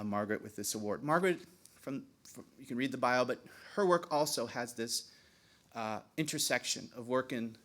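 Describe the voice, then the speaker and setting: A man's voice: medium pitch, fairly bright tone. A man introducing an award winner at a podium, hesitant and full of filler sounds. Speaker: award presenter. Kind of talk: introducing a speaker.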